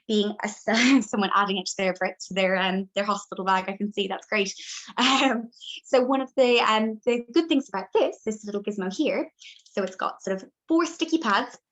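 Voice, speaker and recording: A woman's voice: mid-range voice, dull audio. A woman, a birth educator, giving a chatty, reassuring live demonstration and showing each step as she talks.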